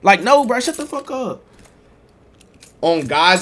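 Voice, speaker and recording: A man's voice: high-pitched, takes it slowly, pauses often, background noise. Young guy streaming from his room, slangy and cussing, voice bouncing way up and down. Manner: animated, swings into loud exclaims, talks to chat; slangy and profane. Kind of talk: casual live-stream storytelling. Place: bedroom at home.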